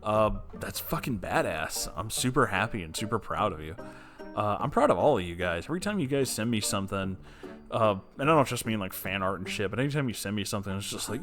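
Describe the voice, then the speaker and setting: A man's voice: lowish voice, expressive, fast, over music. A man hosting a story channel, reading a submitted story and then chatting casually, emotional and swearing freely. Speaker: story reader and channel host.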